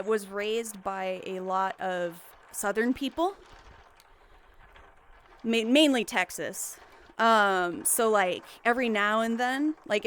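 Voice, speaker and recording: A woman's voice: medium pitch, fairly bright tone, slight background noise. A young woman livestreaming, chatting casually and rambling with giggles and restarts.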